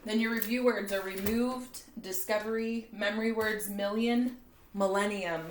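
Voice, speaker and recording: A woman's voice: mid-range voice, steady tone, slight background noise. Patient woman teaching spelling, echoey. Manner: patient, explains slowly with frequent "okay?" checks. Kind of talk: spelling lesson for fourth graders.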